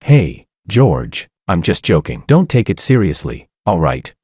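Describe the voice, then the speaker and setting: A man's voice: deep voice, very animated, a little slow, a little mellow, breathy edge, dry recording, studio quality, heavily acted. A man playing a sly young man who taunts and provokes with a smirk. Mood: taunting.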